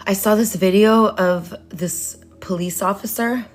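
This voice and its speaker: A woman's voice: medium pitch, measured pace, soft background music. A woman vlogging in a rambling, playful rant that sometimes drops into a whisper. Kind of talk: casual rant to camera.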